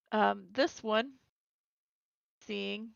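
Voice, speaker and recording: A woman's voice: mid-range voice, vocal fry, smooth, dry recording. A woman running a tabletop game as game master, narrating monster moves and laughing easily. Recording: dull lo-fi recording.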